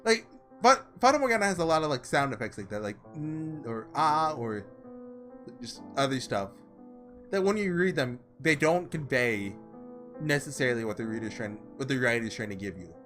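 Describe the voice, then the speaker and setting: A man's voice: mid-range voice, big pitch swings, moderate pace, fairly bright tone, faint music behind. A man hosting a visual novel playthrough, rambling casually with lots of filler words. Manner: rambling, chatty, full of "like". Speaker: let's play host. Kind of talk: casual game commentary.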